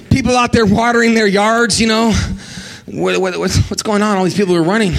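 A middle-aged man preaching an energetic sermon as a guest preacher, animated, acting out the people he quotes and calling on the congregation to respond. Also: very high voice, moderate pace.

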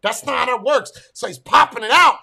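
A man ranting through a casual, profane story, excitable and full of stumbling restarts. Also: extremely high pitch, fairly quick, creaky. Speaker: military veteran telling a story.

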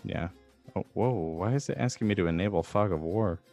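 A man's voice: deep voice, a little fast, darkish tone, soft background music. A man narrating as game master of a tabletop game, in a loose, rambling way with many fillers.

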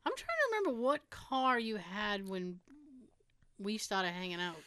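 A woman co-hosting a casual chat, her voice swinging widely in pitch as she jumps in with jokey asides. She sounds bright and sharp. She is recorded close and dry, with no room sound. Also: measured pace, clean tone, no echo. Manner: animated, laughing, jokey asides. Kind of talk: casual chat between friends.

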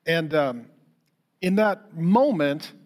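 A middle-aged man preaching a sermon as a pastor, telling lively stories and speaking straight to the congregation with questions. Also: a little high, slow pace. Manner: lively storytelling, acts out quotes for humor; addresses the congregation directly with questions.

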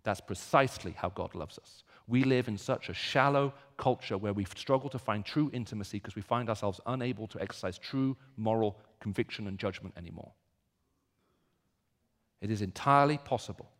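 A man preaching a sermon, moving from quiet reflection to loud, emphatic repetition. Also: lowish voice, a little fast, in a large hall.

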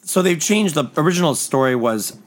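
A man's voice: fairly high pitch, lively intonation, a little fast. A man co-hosting a podcast in casual chat, explaining comic lore at length in a knowledgeable way. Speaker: podcast co-host.

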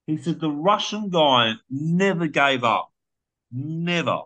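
A man's voice: a little high, expressive, slow, bright, forceful tone. A man co-hosting a podcast, retelling a story in a rambling, casual way with some swearing. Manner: rambling, profane storytelling with restarts. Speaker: podcast co-host.

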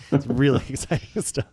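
A man's voice: medium pitch, mellow, slight background noise. A man co-hosting a casual sports podcast, joking and laughing often, loose and a little profane. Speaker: podcast co-host.

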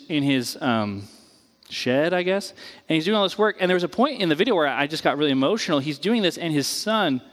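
Male pastor, high voice, chatty animated preaching, long hall reverb. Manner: casual and animated, acts out quoted voices, many "like"s. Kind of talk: conversational sermon.

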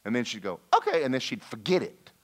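A man preaching a lively sermon, folksy and animated, slipping into mock voices and asides to the congregation. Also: mid-range voice, fast. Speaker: pastor.

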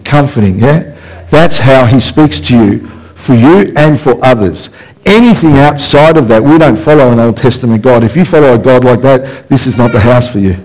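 A man's voice: medium pitch, a little mellow, poor audio. A man preaching a passionate, emphatic sermon in church, full of rhetorical questions. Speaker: pastor. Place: church service, also streamed.

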